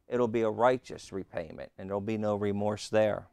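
A pastor preaching a sermon and telling a humorous story, with lots of rhetorical questions. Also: male voice, lowish voice, steady tone, brisk, creaky, hardly any pauses, dark tone, smooth, dry recording, clean studio sound. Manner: humorous, repeats key lines.

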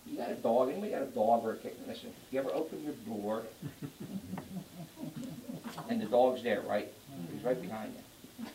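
Preacher, animated and jokey, builds to loud emphasis; roomy church echo, mic set back, faint hiss. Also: medium pitch, moderate pace, long pauses, distant mic. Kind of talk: sermon. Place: church before a congregation.

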